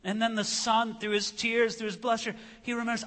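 A man's voice: very high voice, moderate pace, hardly any pauses, fairly bright tone. A man preaching a sermon, retelling a story with dramatic flair and acting out the characters' voices. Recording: long reverb of a large hall.

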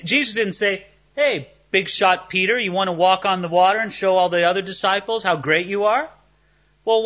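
A man preaching a sermon, telling the story with lively rhetorical questions and animated emphasis. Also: high-pitched, lo-fi sound. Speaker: pastor.

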